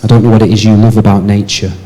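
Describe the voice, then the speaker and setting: Preaching man, emphatic then hushed. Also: flat delivery, racing, poor audio. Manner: asks the congregation rhetorical questions; moves between raised emphatic lines and soft low passages. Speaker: pastor. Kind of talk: sermon.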